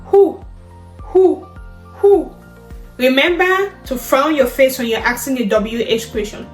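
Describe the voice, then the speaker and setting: A woman with a high, lively voice teaches sign language step by step at normal speed, saying each word aloud and then explaining the hand motions. The room is echoey, with faint music behind her.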